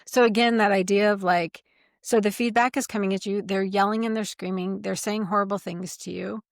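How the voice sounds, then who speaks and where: Animated woman explaining. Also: mid-range voice, a little fast, creaky, dry recording, studio quality. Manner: animated, acts out quoted voices. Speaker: podcast co-host. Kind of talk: casual conversation.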